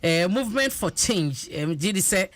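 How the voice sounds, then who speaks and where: Ghanaian radio host, slightly high voice. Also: male voice, expressive, normal speed, fairly bright tone. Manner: brief interjections, moves the discussion between guests.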